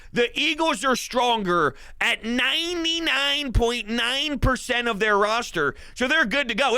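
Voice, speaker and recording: A man hosting a sports podcast, giving excited fan commentary with boastful, hyped talk and bursts of shouting. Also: high-pitched, dry recording.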